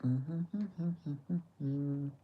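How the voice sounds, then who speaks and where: The young man's voice sits on the high side with fairly even intonation and a very slow pace. The highs are cut off and there's slight background noise. He hosts a fight watch-along, chatting casually, swearing often, joking with viewers and laughing a lot.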